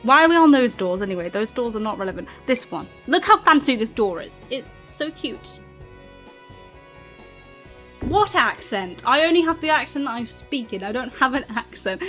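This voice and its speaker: Against soft background music, a streamer speaks in a high, fairly bright voice with lively intonation at a moderate pace. She's from southern England, has a mixed British accent, and laughs often while gaming and chatting to her live chat.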